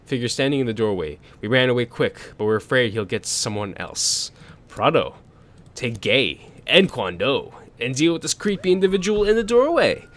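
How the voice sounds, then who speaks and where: A man's voice: mid-range voice, fairly bright tone. A young man doing let's-play commentary on a desk condenser mic, reading case text aloud with stumbles and swearing. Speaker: gaming youtuber. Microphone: desk condenser microphone.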